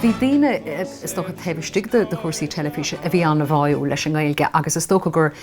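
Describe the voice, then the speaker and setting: A woman's voice: deep voice, quick pace, music in the background. A woman recalling a broadcast in a documentary interview, speaking conversationally and mixing in English words. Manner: conversational, slipping English words into her speech.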